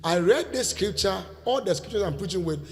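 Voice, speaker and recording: Nigerian preacher with a very high voice. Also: male voice, lively intonation, fairly quick. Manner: call-and-response preaching, bursts into shouting. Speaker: pastor. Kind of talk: sermon. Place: church hall. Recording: reverberant church hall, faint music.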